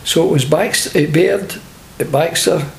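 An older Scottish-accented man, a former footballer, tells humorous anecdotes in an interview, chatty and laughing at his own stories. His voice is fairly high-pitched and gravelly, at a normal speed.

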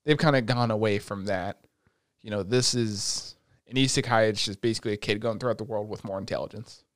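A young man hosting a casual chat, retelling an anime with lots of swearing and excitable energy. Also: lowish voice, brisk, no room sound, studio quality. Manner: profane, excitable storytelling.

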